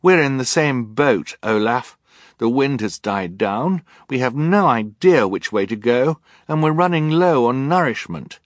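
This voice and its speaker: A man's voice: lowish voice, lively intonation, moderate pace, few pauses, a bit bright, breathy edge, dry recording. Brief: earnest teenage girl in a storybook, raised and dry-toned, voiced by a man. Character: determined resourceful teenage girl. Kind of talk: audiobook character voice.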